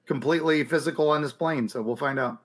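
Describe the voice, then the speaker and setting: A man's voice: a little high, fast talker. A man co-hosting a podcast, chatting casually and rambling a little while answering listener questions. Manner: relaxed, rambling, hesitant with ums. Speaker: podcast co-host.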